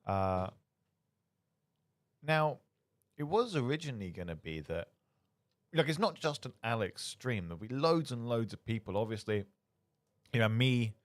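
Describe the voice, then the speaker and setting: A man's voice: mid-range voice, moderate pace, long pauses, dry recording. A man presenting a casual charity livestream on student radio, sounding tired, with dry humour. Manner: tired, self-described monotone, dry humour.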